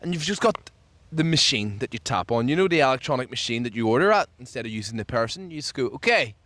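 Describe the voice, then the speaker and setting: A man co-hosting a casual chat outdoors, ranting jokily with sudden jumps in pitch. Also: fast talker, no room sound. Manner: animated, jokey rant with sudden pitch jumps. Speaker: podcast co-host. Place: outdoors, people walking past.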